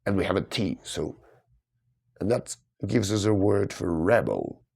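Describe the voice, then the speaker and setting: A man's voice: on the low side, unhurried, gravelly, darkish tone. A man working through cryptic crossword clues aloud, musing and questioning himself, with sudden bursts of delight. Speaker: crossword solver. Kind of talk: thinking aloud while solving puzzles.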